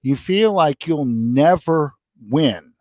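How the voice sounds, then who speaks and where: A middle-aged man in a casual sports chat at home, excitable and rambling, his pitch leaping all over and sitting a touch high. The sound is dry and close, with no room around it. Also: slow pace, no echo. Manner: excitable, rambling, animated storyteller. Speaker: podcast co-host.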